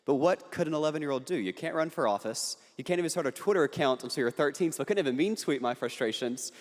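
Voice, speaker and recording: A man's voice: a little high, expressive, fast. A young man giving an earnest, punchy speech to an audience, with occasional jokes. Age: young adult. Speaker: political speaker. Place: large hall on a university campus. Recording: hall reverb.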